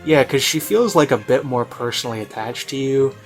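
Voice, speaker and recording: A man's voice: medium pitch, a little fast, soft background music. A man giving casual, rambling commentary on a video he is reviewing, full of "you know" and "like" and offhand self-mockery.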